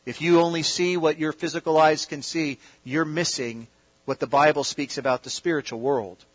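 A man preaching a sermon in an auditorium, swinging between loud emphatic peaks and quiet asides. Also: a little high, fairly even intonation, normal speed, dull audio. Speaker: pastor.

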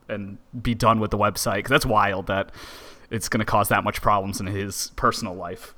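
A man's voice: on the low side, fairly quick, bright, forceful tone. A man co-hosting a podcast, going through the news bluntly and swearing casually. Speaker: podcast co-host reading the news. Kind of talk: casual chat.

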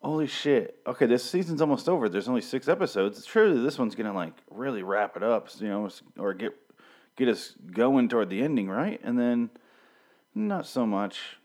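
An animated man in his thirties with a mid-range, darkish voice speaks at a normal speed. He's a podcast host giving a solo, profane review of a TV show into a pop-filtered studio mic, rambling and irreverent throughout.

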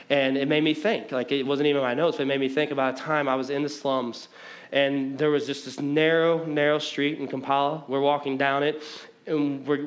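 A middle-aged man from the American Midwest preaching a sermon in a church hall, fast and conversational, often repeating his words as he talks. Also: medium pitch. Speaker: pastor.

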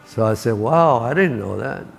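Gravelly older man preaching. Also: medium pitch, lively intonation, normal speed, soft background music. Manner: storytelling, repeats key lines for emphasis. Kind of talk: sermon.

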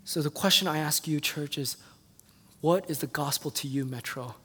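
A male pastor preaches in a church, his fairly high voice ringing out with a long hall reverb around it. He tells stories earnestly and builds toward passionate calls to his congregation. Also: moderate pace, fairly bright tone, slightly rough. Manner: earnest storytelling that builds to impassioned appeals. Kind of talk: sermon. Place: church sanctuary.

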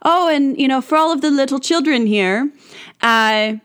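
A woman's voice: high-pitched, normal speed, a bit bright, pitched above the performer's own voice. A woman putting on an Irish accent to play a jolly older male priest, cheery and sing-song. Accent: put-on Irish.

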